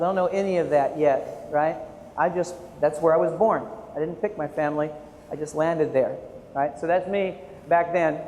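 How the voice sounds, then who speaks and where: A man in his forties giving a keynote talk to teachers, telling his story with animated, self-mocking humor. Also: a little high. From United States. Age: 40s. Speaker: keynote speaker and art educator. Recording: echoey hall, faint room noise.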